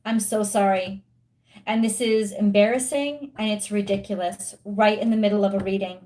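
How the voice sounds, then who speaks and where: A woman giving a live-streamed tarot reading, chatty with viewers, frustrated and swearing openly about her internet. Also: medium pitch.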